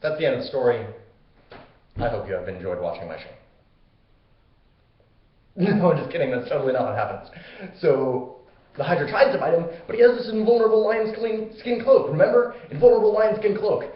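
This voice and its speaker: A man's voice: fairly high pitch, lively intonation, fairly quick, long pauses. Rambling, casual male comedic storyteller. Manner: rambling, casual, full of fillers and asides. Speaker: host. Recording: roomy, slightly dull recording.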